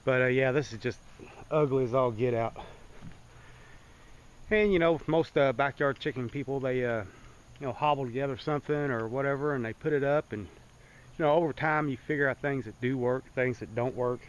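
A man's voice: mid-range voice, normal speed, clean tone, muffled recording. A man chatting casually on his vlog, rambling and folksy, with lots of fillers. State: out of breath. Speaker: hobby farmer vlogger.

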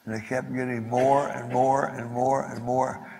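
An older former astronaut on a panel, telling a folksy story in a conference hall. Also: male voice, mid-range voice, level tone, a little slow, creaky, dark tone. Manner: anecdotal, folksy, repeats himself. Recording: echoey hall.

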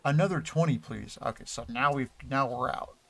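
A man's voice: medium pitch, moderate pace, gravelly, pushed and bright, soft background music. A man casually commenting while playing a video game, thinking aloud and correcting himself as he goes. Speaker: streamer. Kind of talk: casual let's play commentary.

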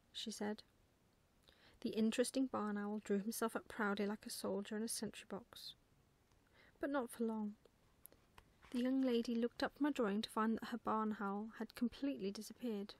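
A woman reading a bedtime story aloud in whispered role-play, soft and slow. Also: medium pitch, steady tone, no echo.

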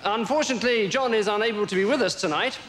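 A formal awards presenter. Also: male voice, high voice, fast, fairly bright tone. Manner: formal announcer delivery. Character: smooth male awards-ceremony presenter. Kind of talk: live stage sketch, awards announcing. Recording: live stage recording with audience and hiss.

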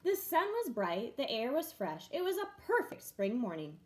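Brief: woman teacher, lively storybook reading, slightly high voice, roomy echo. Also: normal speed. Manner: expressive, storytelling. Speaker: first grade teacher. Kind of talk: reading a picture book aloud.

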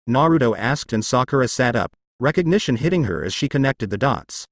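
A man's voice: mid-range voice, animated, brisk, hardly any pauses, dry recording, clean studio sound. A young man reading fan fiction aloud as narrator, telling the story expressively.

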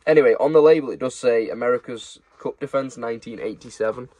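A young man who resells online chats and rambles casually as he shows off secondhand football shirts he's selling, haul-style. His voice sits in the mid range with a dark tone, he talks fast, and there's no echo.

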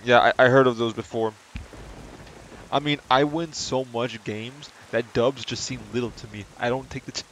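A chatty streamer at home, reading game dialogue aloud between casual, self-deprecating asides. His voice sits at an ordinary middle pitch, with soft rain sounds from the game patter behind him. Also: a little hiss or hum.

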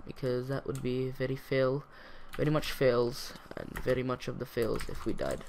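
A man's voice: mid-range voice, moderate pace, vocal fry, a little hiss or hum. Rambling young man narrating his game. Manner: chatty, rambling, bursts of excitement. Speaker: gaming YouTuber. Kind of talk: casual let's-play commentary.

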